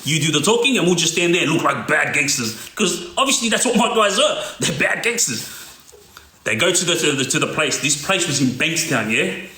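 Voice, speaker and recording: A middle-aged man, a former gang member, tells stories in a casual monologue, often checking in with "yeah?". His voice runs on the high side, expressive and sharp in tone, with a brisk pace. The recording has an echoey room sound.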